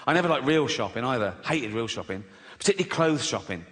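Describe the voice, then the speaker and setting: Older English comic in a reverberant hall. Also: male voice, mid-range voice, expressive, quick pace, fairly bright tone. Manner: chatty, profane, tags lines with "right?". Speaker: stand-up comedian. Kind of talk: stand-up comedy routine. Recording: long hall reverb with faint hiss.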